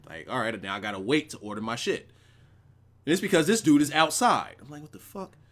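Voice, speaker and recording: Lively, rambling, profane male streamer. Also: medium pitch, brisk. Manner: rambling, profane and animated, with chat asides. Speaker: wrestling show reviewer hosting a live stream. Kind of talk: casual live-stream storytelling.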